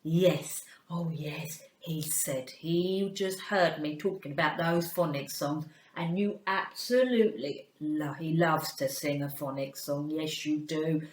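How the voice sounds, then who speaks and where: Woman teacher for a kids' phonics video, playful and coaxing, slips into whispers, unhurried delivery, echoey room. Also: sits low. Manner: talks to a puppet for the children. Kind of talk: children's phonics lesson.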